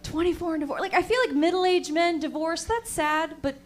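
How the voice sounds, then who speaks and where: A young woman comedian doing a stand-up set, delivering dry, deadpan asides to the crowd. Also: very high voice, a little fast.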